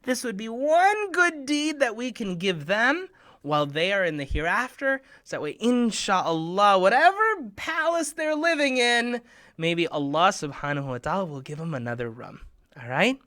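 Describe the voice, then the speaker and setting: A man hosting a children's program, talking straight to the kids in a playful way, sometimes dropping to a hushed half-whisper. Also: normal speed, dry recording, clean studio sound. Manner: playful, bursts into excited high shouts. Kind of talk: talk to children.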